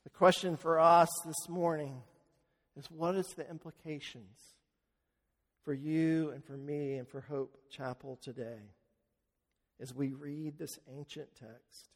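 A pastor preaching to his congregation in a slightly high voice, earnest and unhurried as he tells a story. He slows down and drops his voice on key phrases. The sound carries a long reverb from the church sanctuary. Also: steady tone. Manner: earnest storytelling, slowing for emphasis. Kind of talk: sermon.

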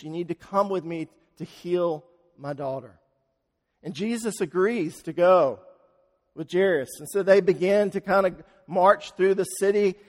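A man preaching a sermon, telling a story dramatically and swinging from loud, fast passages to hushed, slow ones. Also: high-pitched, big-room sound.

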